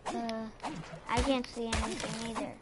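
A young girl with a slightly high voice chatters excitably as she plays a game with her dad. There is clear background noise all through her talk. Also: normal speed. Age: child. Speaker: co-player. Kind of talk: casual play chatter. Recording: noisy home recording.

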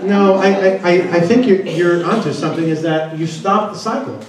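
A man's voice: high-pitched, moderate pace, heavy background noise. Man speaking in an echoey hall. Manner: asks the audience many questions. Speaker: conference speaker. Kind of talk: seminar talk to an audience. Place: large conference room. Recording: echoey room, distant mic.

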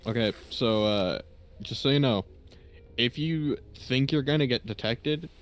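A man streaming a co-op heist game, giving quick tactical instructions and joking at himself. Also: mid-range voice, smooth. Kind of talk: casual gaming chat.

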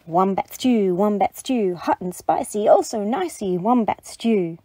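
A woman's voice: sits high, sing-song, takes it slowly, a little mellow, no room sound, pitched above the performer's own voice, heavily acted. A woman voicing a sly, boastful male dingo in a storybook reading, chanting in a gleeful sing-song.

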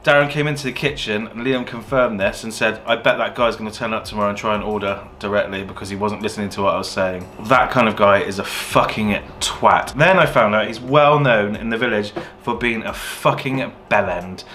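A man's voice: lowish voice, brisk, hardly any pauses, a little hiss or hum. Casual swearing English West Country man. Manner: swears freely, animated when retelling. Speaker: vlogger and takeaway owner. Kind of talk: casual storytelling.

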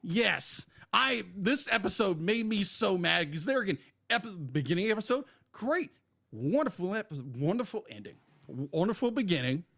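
This man's voice sits high and carries vocal fry and a fairly bright tone, and he talks at normal speed. Animated and exasperated, he co-hosts a casual podcast review and rants forcefully about an anime character.

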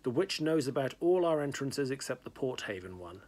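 A man's voice: mid-range voice, big pitch swings, moderate pace, darkish tone, breathy edge. A man voicing a testy fire demon that snaps and hisses warnings. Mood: snappish. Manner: hissing, snappish.

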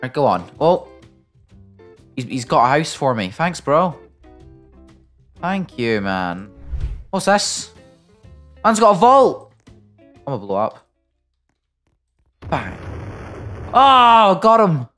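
A British man commenting on his own gameplay as a video creator, jokey and excitable, breaking into sudden loud yelps. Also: a little high, takes it slowly, pauses often, faint music behind. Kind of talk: playing a game and commenting.

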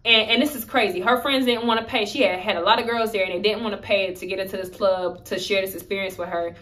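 A young woman sharing a story-time vlog, talking candidly and with emphasis. Her tone is conversational and blunt, and her voice sits at an ordinary pitch. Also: fairly even intonation, quick pace, fairly bright tone. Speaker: vlogger.

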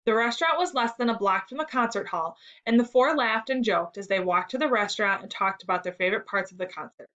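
A woman teacher reading a story aloud for an elementary school lesson, steady and clear. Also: mid-range voice, fast talker, hardly any pauses, muffled recording.

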